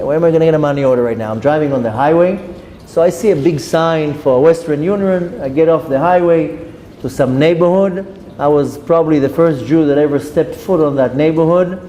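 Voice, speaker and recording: A man, a rabbi, giving a storytelling lecture, lively and acting out the dialogue. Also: fairly high pitch. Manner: lively anecdotes, acts out dialogue. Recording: reverberant hall with faint noise.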